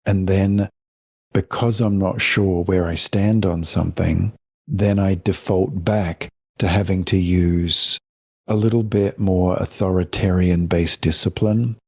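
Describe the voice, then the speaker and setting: A middle-aged man, a family counselor, explaining his ideas in a gentle, reflective way in a podcast interview. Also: deep voice, husky, no room sound, clean studio sound. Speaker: guest, family counselor and author.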